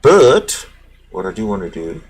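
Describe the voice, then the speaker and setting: Muttering to himself as he navigates the screen, a man hosts a casual livestream and closes with teasing sarcasm. His voice sits low and husky, animated but at a measured pace.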